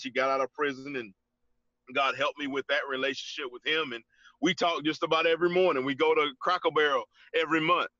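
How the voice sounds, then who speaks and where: A man, telling his story in an interview, halting, with many restarts, often saying "man". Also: a little high, bright, forceful tone, dry recording, muffled recording. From Georgia, US. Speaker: interview guest. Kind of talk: casual testimony in an interview.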